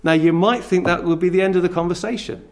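A man preaching a sermon, his voice sitting a little high for a man. He speaks with strong emphasis and turns straight to his listeners, pressing commands on them. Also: steady tone, quick pace.

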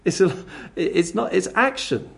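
A man preaching a sermon. He swings from loud emphasis to near-whispered asides and acts out scornful voices. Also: high voice, expressive, a little slow, gravelly.

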